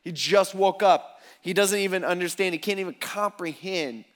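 A man's voice: high voice, moderate pace. A man preaching a sermon in a casual, conversational, jokey way. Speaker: pastor.

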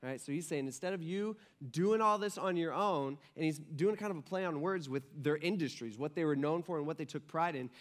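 A male pastor preaching a sermon in a casual, conversational way, often checking in with the congregation and dropping low and soft for emphasis. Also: a little fast, few pauses. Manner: conversational, frequent "right?" asides; acts out quoted voices, drops soft and low for emphasis.

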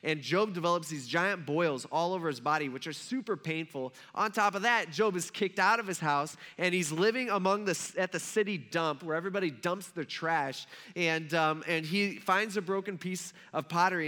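A man's voice: a little high, moderate pace, hardly any pauses, sharp tone. A man preaching a sermon, retelling a scripture story in a conversational way with rhetorical asides to the listeners. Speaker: pastor.

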